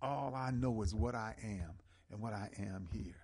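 A man hosting a call-in radio talk show, speaking with an impassioned, preaching cadence and slow, emphatic stresses. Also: on the low side, a little mellow, breathy edge.

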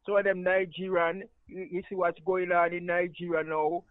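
Jamaican caller, patois, passionate and rambling, slightly high voice, dry tinny phone sound. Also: male voice, level tone, moderate pace, dry recording. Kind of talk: call-in radio talk.

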